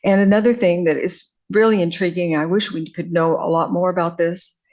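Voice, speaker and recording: An older woman with a somewhat low voice gives an academic lecture. She talks in a halting way, full of fillers and restarts. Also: fairly even intonation, a little mellow, highs cut off. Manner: hesitant, many fillers and restarts. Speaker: visiting scholar lecturer.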